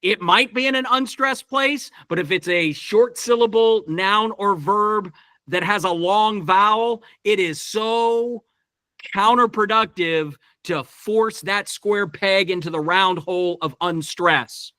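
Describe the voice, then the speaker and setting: This verse-workshop director speaks in a high, bright, forceful voice at a slow pace, guiding actors through Shakespeare over a video call. He reasons out loud with many restarts, and the audio carries no room sound.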